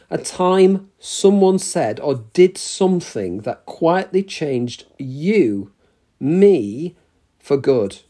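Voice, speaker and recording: Slow, warm-voiced male preacher. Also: fairly high pitch. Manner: slow, measured delivery with emphatic pauses. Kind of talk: sermon. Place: church.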